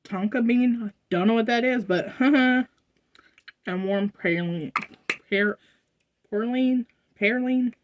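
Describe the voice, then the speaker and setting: A woman's voice: a little high, takes it slowly, dull audio. A young American woman, a vlogger chatting casually to her viewers, rambling with fillers and asides. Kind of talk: casual haul vlog. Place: indoors at home.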